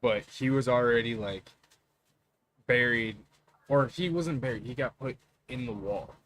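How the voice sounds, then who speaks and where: A man's voice: medium pitch, a bit bright. Easygoing man, faint background hiss. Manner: laid-back, quick to laugh along. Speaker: podcast co-host. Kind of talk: casual podcast chat.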